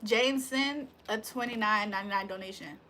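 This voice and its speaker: A woman's voice: medium pitch, normal speed, sharp tone, a little hiss or hum. A woman livestreamer in casual chat, teasing and laughing as she answers viewer comments. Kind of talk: casual live-stream chat.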